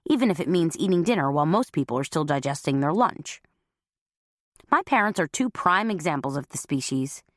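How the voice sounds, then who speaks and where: Woman narrator, low lively voice, wry, dry close mic. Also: dry recording. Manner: wry, conversational. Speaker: audiobook narrator. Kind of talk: first-person humorous narration.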